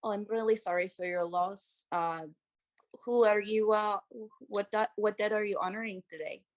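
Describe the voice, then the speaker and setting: A woman voicing a polite woman cleric who asks gentle, apologetic questions at a grave. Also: medium pitch, steady tone, moderate pace, lightly acted. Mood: sympathetic. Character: polite young woman cleric, kind but nosy.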